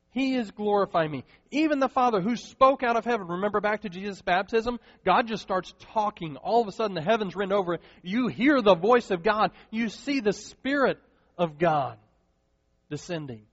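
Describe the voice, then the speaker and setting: A preacher with a high, ringing voice who delivers his sermon with animation, slipping into the voices of the people he quotes. His voice carries a long hall reverb, and the recording sounds a little dull. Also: animated, moderate pace. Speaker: pastor.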